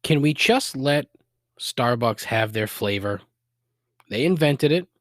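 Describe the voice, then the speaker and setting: A man's voice: medium pitch, animated, takes it slowly, no room sound, studio quality. A man with a Boston accent hosting a solo podcast, griping in a profane, exasperated way with sarcastic asides. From Boston area, USA. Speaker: podcast host.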